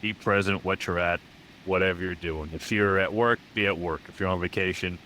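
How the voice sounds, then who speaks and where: A man's voice: deep voice, fairly even intonation, fairly quick, bright, forceful tone, a little hiss or hum. An American man hosting a podcast interview, enthusiastic and upbeat, often repeating his praise. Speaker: podcast host. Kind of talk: casual interview chat.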